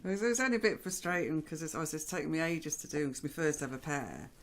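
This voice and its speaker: Woman, co-host wife, brisk down-to-earth chat. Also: low-pitched, expressive. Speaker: vlogger's wife. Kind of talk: casual chat.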